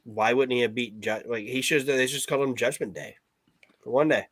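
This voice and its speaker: A man's voice: medium pitch, fairly quick, fairly bright tone. A man co-hosting a casual chat, blunt and heavily profane, cracking jokes as he talks. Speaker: podcast co-host. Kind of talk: casual chat about old wrestling shows.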